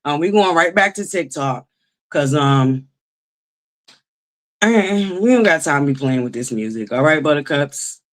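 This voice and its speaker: A woman's voice: deep voice, expressive, measured pace, pauses often. A woman hosting a casual livestream from home, chatting and greeting viewers by name. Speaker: livestream host.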